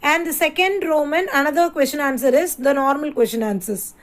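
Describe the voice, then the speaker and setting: A woman's voice: high-pitched, fairly quick, rough recording. A woman teacher, giving a lesson and repeating and spelling words out aloud for children. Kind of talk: classroom lesson.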